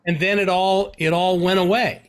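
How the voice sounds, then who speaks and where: A man's voice: sits high, little pitch movement, normal speed. A man hosting an interview, prodding his guest with questions and restarting his phrases as he searches for words. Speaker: interview host.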